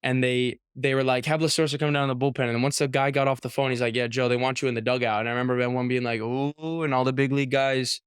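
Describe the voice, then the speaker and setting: A man in his twenties tells his story in a loose, lively way, filling it with "like" and acting out what others said. His voice is smooth and resonant at a middle pitch. It is recorded dry and close, with no room sound. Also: quick pace, hardly any pauses, no room sound. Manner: animated storyteller, heavy use of "like", acts out quotes. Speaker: professional baseball pitcher, guest. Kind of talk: casual storytelling interview.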